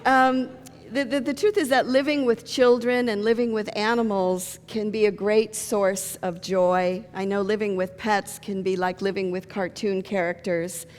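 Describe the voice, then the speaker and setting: A woman's voice: medium pitch, steady tone, a little slow. A middle-aged woman pastor giving a sermon, telling stories and jokes. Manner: storytelling with jokes. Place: church sanctuary. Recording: long church reverb.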